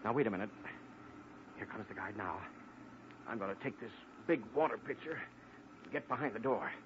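An actor playing a steady federal agent who gives firm, urgent orders, in 1940s radio acting. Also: male voice, on the low side, fairly quick, lightly acted. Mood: commanding. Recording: dull old radio recording, faint hiss.

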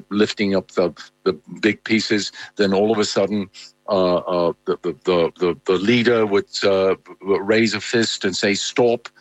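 Low-voiced male correspondent, halting. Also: no room sound, poor audio. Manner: halting, many fillers and restarts. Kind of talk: live news interview.

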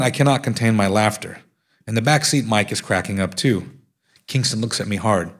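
A man with a husky, slightly breathy voice reads from his own memoir in front of listeners. He slips into lively, animated voices for the quoted speech. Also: lowish voice, normal speed. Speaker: author reading from his book. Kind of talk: live reading of a nonfiction memoir.

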